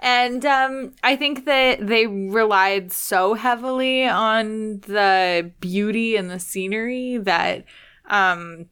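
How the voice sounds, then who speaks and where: A woman co-hosting a casual movie review chat, easygoing and quick to agree. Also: medium pitch, a bit bright, clear, resonant tone. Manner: easygoing, agreeable, often laughing along. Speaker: podcast co-host.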